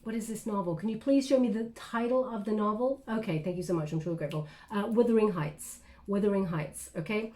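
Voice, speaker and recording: A woman giving an intuitive tarot reading to camera, chatty and reflective, with many pauses and restarts. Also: on the high side, mellow. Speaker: tarot reader.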